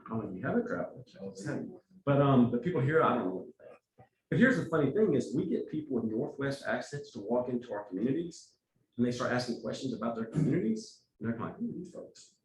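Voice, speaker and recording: An evangelism trainer with a Texas accent leads a church workshop, speaking fast and conversationally with a lot of rise and fall in his pitch, plus lively asides and acted-out quotes. He is far from the mic in an echoey meeting room with a faint hum of ambience.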